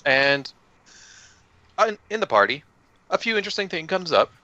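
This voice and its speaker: A man with a bright, forceful voice runs through last session's events for his tabletop group in a loose, joking way, cursing here and there. The sound is dry and a little dull, like a lo-fi recording. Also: on the high side, sing-song, moderate pace, no room sound. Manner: loose and joking, with swearing and laughs. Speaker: player recapping the last session. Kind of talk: casual recap of a tabletop game. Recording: dull lo-fi audio.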